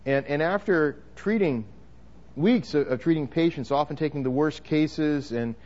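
This muffled, lo-fi clip has a pastor preaching at normal speed in a slightly high voice with a darkish tone. He hammers his points with emphasis and frequently repeats words or starts over.

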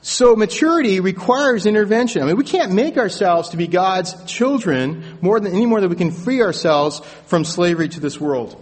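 A man's voice: sits high, animated, moderate pace, few pauses. A man preaching a sermon in a church, telling stories in a conversational way with frequent restarts. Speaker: pastor. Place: church sanctuary. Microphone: stage microphone with sound booth. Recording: long church reverb.

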